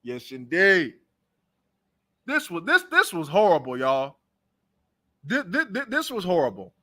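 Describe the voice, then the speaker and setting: A young man with a high, very bright and forceful voice rants about football on his own talk show. He is blunt and heated, calling players out in a loose, casual sports-reaction style. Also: huge pitch swings, moderate pace. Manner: blunt, trash-talking, heated.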